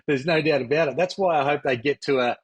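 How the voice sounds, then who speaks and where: A man's voice: a little high, fast talker, breathy edge. A man in his fifties from Australia with an Australian accent, a former pro basketball player chatting easily as a podcast guest. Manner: easygoing, reminiscing, frequent fillers. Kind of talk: relaxed interview chat.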